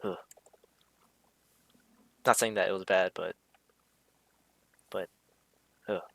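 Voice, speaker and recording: A man's voice: sits low, steady tone, slow pace, gravelly, fairly bright tone, no room sound. A man talking casually over a drawing, hesitant, with many fillers and restarts. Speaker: streamer explaining a drawing.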